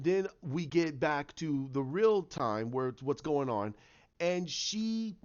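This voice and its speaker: Excitable high-voiced male reviewer. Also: highs cut off. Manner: excitable, acts out characters' lines. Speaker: TV show reviewer. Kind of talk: casual fan episode breakdown.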